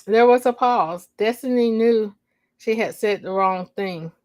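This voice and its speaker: A woman's voice: a little high, darkish tone. A woman reading her own story aloud on a livestream, stopping often to laugh and chat with viewers in slang. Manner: slow reading broken by laughing asides to chat; uses slang, says y'all. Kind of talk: casual live story reading.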